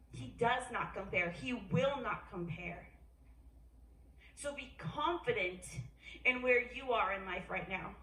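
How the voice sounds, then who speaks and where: A woman preaches in a casual, animated way, dropping into quoted voices with sudden shifts in pitch. Her voice is bright and sits a little high. She is picked up from a distance in a roomy, echoing space. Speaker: speaker at a worship gathering. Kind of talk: informal sermon. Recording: echoey room, voice from a distance.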